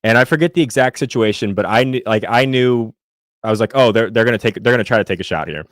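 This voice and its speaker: Podcast co-host, young man from Indiana, low pitch, dry close sound, loose chatty delivery full of fillers and restarts. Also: fast, no echo. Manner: rambling, many fillers and restarts. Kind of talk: casual sports chat with live chat.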